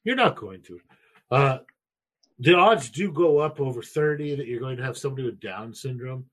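A middle-aged man co-hosting a podcast, telling crude, animated stories about his kids in casual talk. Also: medium pitch, moderate pace, husky. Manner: profane, animated storyteller. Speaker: podcast co-host.

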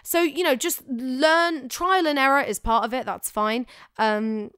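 A woman's voice: high-pitched, unhurried, clear, resonant tone, dry recording, studio quality. A young woman, an actor, chatting casually and animatedly as she gives advice on showreels. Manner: chatty, animated, self-correcting. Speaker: actor giving career advice.

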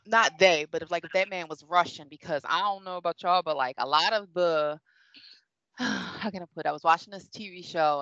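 A woman's voice: sits low, a bit bright, no room sound. A woman in a casual review chat, rambling, self-correcting and laughing often. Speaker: show reviewer. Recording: dull, dry sound.

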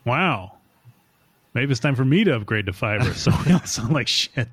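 A man in casual podcast banter, chatty and joking. His voice sits at a middle pitch. He is recorded close in a dry home room with no echo. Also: lively intonation, moderate pace, fairly bright tone, breathy edge. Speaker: podcast co-host. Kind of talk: casual chat. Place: home room with clothes hung to baffle echo. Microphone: remote recording over internet.

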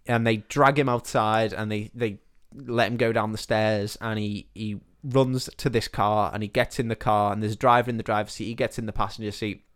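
A man casually retelling a film plot as a podcast host, animated, swearing freely and acting out the characters' lines. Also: on the low side, normal speed, few pauses, smooth.

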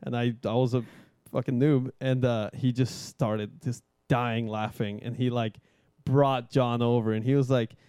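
A man's voice: medium pitch, flat delivery, measured pace, hardly any pauses, warm tone, smooth, no room sound, clean studio sound. A young man telling stories in casual podcast chat, laid-back, swearing often, with many fillers. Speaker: guest skydiver.

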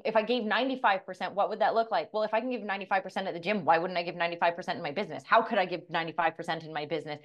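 A woman's voice: medium pitch, a bit bright. A middle-aged woman co-hosting a podcast, telling a personal story with blunt, profane candor and acting out the dialogue. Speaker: podcast co-host, coach.

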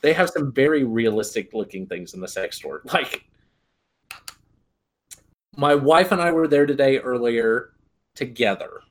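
Man, casual chat, lively storyteller who imitates others mid-story, pitch swings wide. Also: measured pace, long pauses. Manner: animated storyteller, mimics voices in anecdotes.

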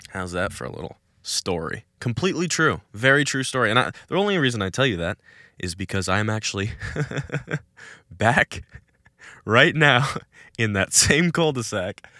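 A young male podcast host tells a story outdoors, chatting casually and laughing now and then. His voice sits a little low but sounds bright and forward. The sound is dry, with almost no room echo. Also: measured pace, long pauses. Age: young adult. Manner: animated storyteller, laughs between lines. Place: outdoors in a cul-de-sac.

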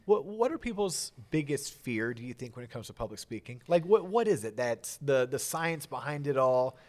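A man's voice: medium pitch, very animated, moderate pace, a little mellow. A man hosting an interview, asking casual, curious questions and repeating a word or two as he searches for them. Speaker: podcast host.

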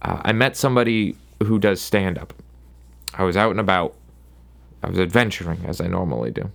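A man with a low, expressive, creaky voice that's a bit bright talks briskly on his solo podcast. He rambles casually and sarcastically, interrupting himself and often restarting his sentences.

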